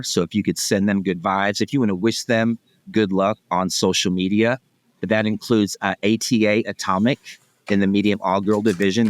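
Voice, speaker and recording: Low-voiced upbeat man guest. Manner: upbeat, talkative, frequent restarts. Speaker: podcast guest, event executive. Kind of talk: casual interview chat.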